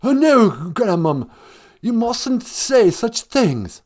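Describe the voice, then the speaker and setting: A man's voice: very high-pitched, very animated, takes it slowly, darkish tone, exaggerated voice. A man voicing a whiny, self-pitying young English prince in a put-on English accent. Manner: plaintive, whining.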